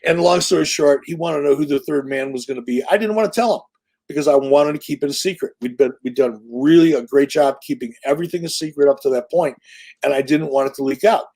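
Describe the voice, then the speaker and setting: A man's voice: fairly high pitch, fast. A man in his sixties, an interview guest telling stories in a casual, punchy, profane way. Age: 60s. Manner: animated, profane, punchy storyteller. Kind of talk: casual storytelling.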